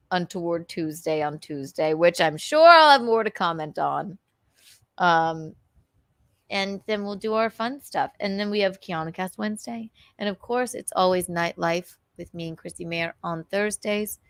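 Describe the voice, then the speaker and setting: A woman's voice: on the low side, no room sound, clean studio sound. A woman in her thirties hosting a late live stream, rambling and a little teary as she chats to viewers and signs off. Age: 30s. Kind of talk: casual live-stream chat.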